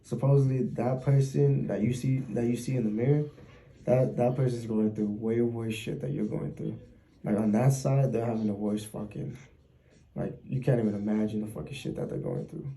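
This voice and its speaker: Dark-toned man retelling a spooky story. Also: mid-range voice, moderate pace, creaky, rough recording. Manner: animated retelling with profanity. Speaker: podcast co-host. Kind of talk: casual storytelling chat.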